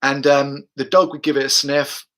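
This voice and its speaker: A man's voice: medium pitch, little pitch movement, moderate pace, fairly bright tone. A man, a dog trainer, talking through his methods and answering viewers' questions on a live stream, chatty, repeating himself and speaking the dog's thoughts aloud.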